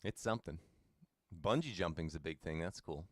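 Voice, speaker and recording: Low-voiced man streaming a game. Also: expressive, normal speed, no room sound, clean studio sound. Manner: chatty, laid-back, talks to chat by name. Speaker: streamer playing a game and chatting with viewers. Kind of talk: casual live-stream chat.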